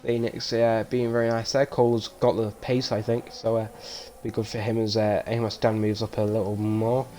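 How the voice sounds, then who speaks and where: A man giving live race commentary on a stream, with casual, rambling, self-mocking banter that turns loud and excited when incidents happen. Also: fairly low pitch, moderate pace, hardly any pauses, slight background noise. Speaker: sim racing league commentator.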